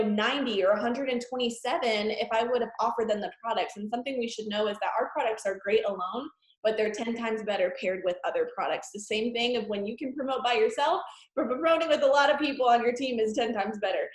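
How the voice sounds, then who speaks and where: A woman's voice: a little high, roomy sound, rough recording. A woman hosting a motivational team call, effusive and emphatic as she cheers her team on.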